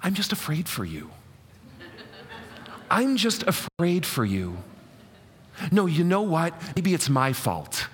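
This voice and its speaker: A man's voice: a little high, huge pitch swings, slow, in a large hall, exaggerated voice. A man voicing an exasperated mother pleading with and scolding her grown children, dramatic and coaxing.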